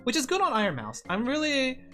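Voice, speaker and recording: A woman's voice: high voice, huge pitch swings, brisk. A woman VTuber chatting casually with her viewers while she draws, giggly and talkative. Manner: giggly, chatty, talking to chat. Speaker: VTuber streamer. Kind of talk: casual livestream chat while drawing. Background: background music.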